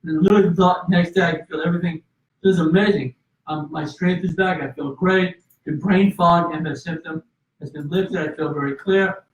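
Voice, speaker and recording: A man's voice: fairly high pitch, steady tone, brisk. A man telling a personal story in an interview, earnest, with restarts and fillers. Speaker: guest. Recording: roomy, distant and slightly dull.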